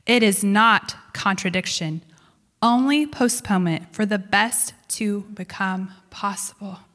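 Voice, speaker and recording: A woman reading aloud the lines of a gentle, firm male shepherd who guides a pilgrim. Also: medium pitch, measured pace, long reverb tail, close to an everyday voice. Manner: gentle and quiet.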